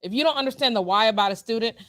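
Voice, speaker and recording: Woman former principal, animated storyteller. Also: fairly high pitch, very fast, dry recording, clean studio sound. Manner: storytelling, animated, repeats words, laughs often. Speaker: podcast co-host, former school principal. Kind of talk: casual conversational chat.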